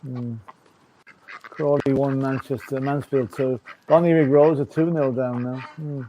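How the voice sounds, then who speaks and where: A man co-hosting a casual live football chat stream, giving score updates in a relaxed, chuckling way. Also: mid-range voice, a little slow, lo-fi sound, a little hiss or hum.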